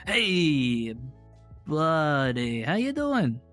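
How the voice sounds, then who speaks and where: A man's voice: a little high, very animated, drawn-out words, a bit bright, faint music behind, full character voice. A man voicing a scrappy male Piplup who talks like a slangy, overfamiliar tough guy. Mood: jovial.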